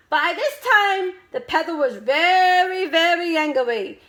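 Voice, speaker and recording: A woman teacher reads a children's storybook aloud in a high, very lively voice. She takes her time, slowly and expressively. She pauses for drama and asks her young listeners questions. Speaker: teacher reading stories to children.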